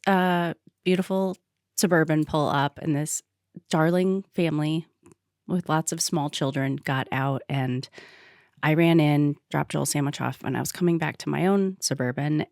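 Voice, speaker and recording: A woman's voice: sits low, creaky, darkish tone, no room sound, studio quality. A middle-aged woman co-hosting a podcast, telling a story in a casual, emotional, tearful way. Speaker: podcast co-host. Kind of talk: casual chat.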